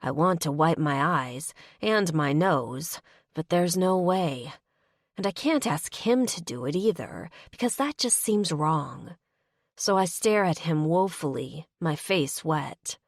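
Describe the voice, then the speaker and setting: A woman narrating a first-person romance audiobook in a measured, emotional way on a close studio mic. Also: sits low, animated, dry recording.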